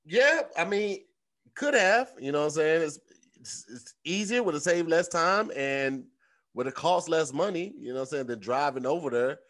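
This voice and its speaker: Slangy, animated podcast co-host man. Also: on the high side, moderate pace. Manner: animated, slangy, repeats words for comic effect. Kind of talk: casual chat and host-read ad.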